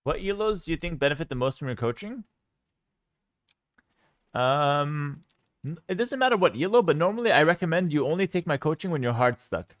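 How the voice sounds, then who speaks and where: A man chatting casually as a game streamer, animated and opinionated. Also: fairly high pitch, a little fast, long pauses, dry recording, studio quality. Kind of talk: casual chat.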